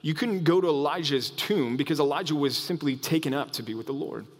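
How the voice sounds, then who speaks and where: A man preaching a sermon as pastor, in an animated way that often restarts phrases. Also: fairly high pitch, fairly quick, big-room sound. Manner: animated, acts out quoted voices, frequent restarts.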